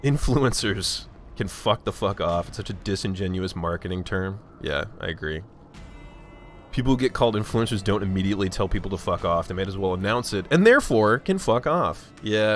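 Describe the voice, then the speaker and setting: A man's voice: lowish voice, a bit bright. A man streaming live, chatting casually with viewers in a joking, profane and self-mocking way.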